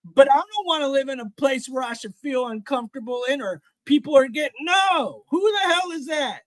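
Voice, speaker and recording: A man hosting a live stream, ranting in a heated, profane way and often shouting. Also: very high-pitched, expressive, normal speed, no room sound. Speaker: livestream host. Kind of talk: profane live reaction rant.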